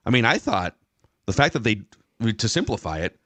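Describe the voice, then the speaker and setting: Male podcast host, low voice, dry close sound, casual sports talk. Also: very animated, moderate pace, a bit bright, no room sound. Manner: loose, analytical, a little rambling.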